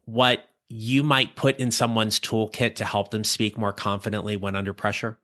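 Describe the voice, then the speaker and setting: Bright-voiced male podcast host. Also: fairly low pitch, level tone. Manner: measured, deliberate questioning. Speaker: podcast host and career coach. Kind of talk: podcast interview questions.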